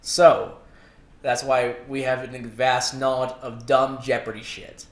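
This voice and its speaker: A man co-hosting a podcast in casual chat, crude and quick to laugh, swearing freely. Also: mid-range voice, level tone. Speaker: podcast co-host. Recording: roomy echo.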